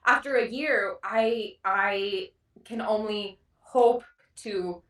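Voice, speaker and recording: A woman's voice: mid-range voice, takes it slowly, fairly bright tone, recorded from a distance. A young woman chatting casually on a podcast, giggly and self-deprecating, swearing freely. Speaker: podcast guest. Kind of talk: casual chat. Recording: roomy echo, a bit off-mic.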